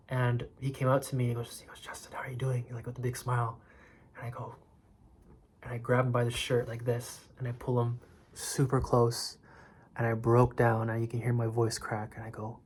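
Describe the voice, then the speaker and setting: A man in his thirties telling a personal story in a slow, reflective confessional way. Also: mid-range voice. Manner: slow, reflective, drops to a whisper for quoted moments. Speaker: vlogger sharing a personal story.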